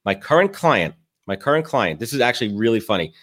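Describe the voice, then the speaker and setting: A man hosting a podcast, telling rambling, animated stories with many restarts in casual talk. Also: mid-range voice, a little fast. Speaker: podcast host.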